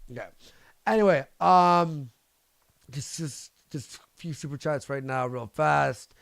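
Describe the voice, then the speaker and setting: Gravelly, crude livestream host. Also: male voice, on the high side, takes it slowly, no room sound. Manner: crude, rambling, swears a lot. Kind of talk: casual livestream chat.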